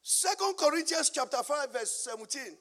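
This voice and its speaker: A male preacher with a Nigerian accent and a very high voice delivers a sermon that mixes call-and-response questions with funny personal stories. His voice rings out with a long reverb in a large church hall. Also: lively intonation, normal speed, bright, forceful tone. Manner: call-and-response preaching, asking the congregation to finish his lines; storytelling with humor. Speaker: pastor.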